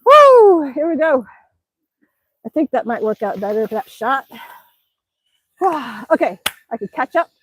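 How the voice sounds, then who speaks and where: A cheerful woman from Alaska talks to her live-stream viewers while exercising outdoors, a little out of breath. Her voice sits high and bright in pitch, and she chats in a chatty, exclaiming way. The sound is close and dry, with almost no room around it. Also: expressive, measured pace, pauses often, husky, no room sound, poor audio. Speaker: livestreaming vlogger. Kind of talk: casual live-stream chat.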